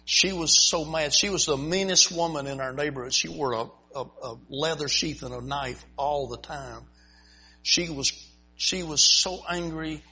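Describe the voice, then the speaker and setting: A man's voice: a little high, measured pace, bright, forceful tone, breathy edge. A man, a missionary preacher, telling a folksy, humorous story in a sermon to his congregation. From United States. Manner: folksy, humorous, chuckles at his own stories. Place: church before a congregation.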